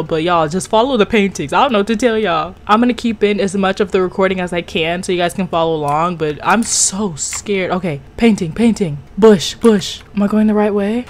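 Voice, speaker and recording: A young woman giving chatty gaming commentary to her viewers, jumpy and excitable, often breaking into high-pitched shrieks and gasps. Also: normal speed, hardly any pauses. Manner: chatty, addresses viewers as guys. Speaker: gaming YouTuber.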